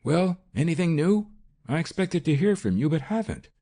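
A booming, blustering businessman played by a man in an audiobook, loud and raised in pitch over a husky, gravelly base. He sounds demanding and forceful. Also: normal speed, full character voice. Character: booming, deep-voiced older businessman.

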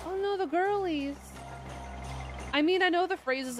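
A woman's voice: very high voice, big pitch swings, normal speed, faint music behind. A young woman streaming a video game, chatting in a bubbly, chaotic way that is full of fillers. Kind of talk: casual let's-play chat.

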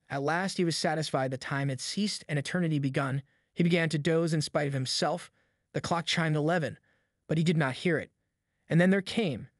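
A man narrating a classic novel as an audiobook in a steady storytelling manner with a hushed, spooky build. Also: a little high, dry recording, studio quality.

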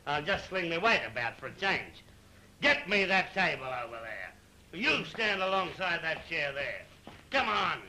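An actor playing an excitable working-class man made king, chatty and bossy, full of slang, in a 1930s film comedy. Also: fairly high pitch, slight background noise, heavily acted, low-quality recording.

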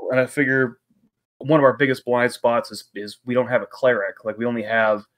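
A man's voice: medium pitch, little pitch movement, brisk, a bit bright. A man playing a tabletop game, explaining his character setup in an eager, rambling way with many restarts. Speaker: player. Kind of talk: casual chat at a game table.

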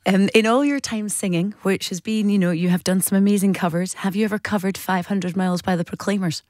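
A woman's voice: medium pitch, steady tone, a little fast, darkish tone, no room sound, studio quality. A woman from Glasgow with a Scottish accent, hosting a radio interview, enthusiastic and playful in her questions. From Glasgow, Scotland. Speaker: radio host.

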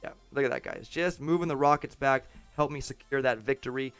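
A man's voice: mid-range voice, a little fast, a bit bright, clean tone, no room sound, soft background music. A man casually commenting on his game while livestreaming, chatting with viewers and chuckling often. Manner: chatty, chuckling, talks to chat. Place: home setup with green screen.

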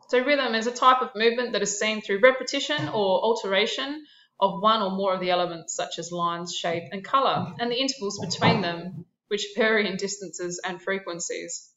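A woman's voice: medium pitch, moderate pace, pushed and bright, roomy sound, highs cut off, a little hiss or hum. A woman art teacher narrating a classroom lesson, explaining terms and listing examples with a few fillers.

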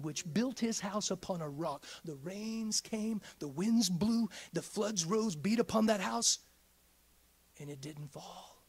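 A man preaching a midweek sermon in a church, swinging from hushed whispers up to shouts. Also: high voice, husky. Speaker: pastor.

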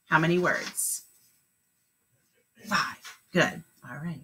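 A woman's voice: on the low side, very animated, slow, pauses often, noisy background. A woman teaching a remote kindergarten lesson, talking in an encouraging, sing-song way with lots of praise.

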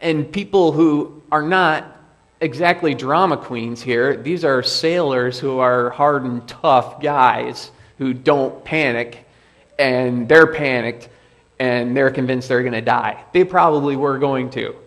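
A man preaching a sermon as pastor, slow and deliberate, asking the congregation rhetorical questions. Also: medium pitch, a bit bright. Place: church sanctuary.

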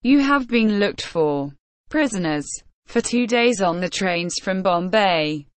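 A woman voicing a stern male colonial judge in an audiobook reading, with brisk, formal questions. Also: medium pitch, expressive, dry recording.

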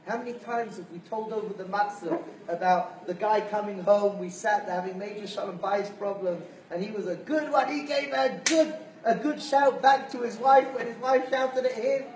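A man giving an animated sermon-style lecture as a rabbi, telling stories and acting out voices. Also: high voice, moderate pace, hardly any pauses. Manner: animated storyteller, acts out voices. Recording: roomy, distant mic, faint hiss.

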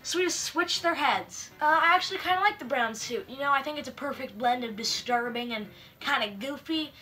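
Young woman host, sharp high voice, sarcastic slangy deadpan delivery, faint music behind. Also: fairly quick. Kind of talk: comedic story review.

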